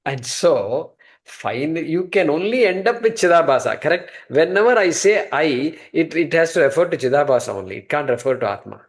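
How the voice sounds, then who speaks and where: A man's voice: animated, moderate pace. Emphatic man teaching scripture. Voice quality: pitch swings from emphatic highs to quiet low asides. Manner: rhetorical questions, answering himself, repeated restarts. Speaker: Vedanta teacher. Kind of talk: spoken scripture class.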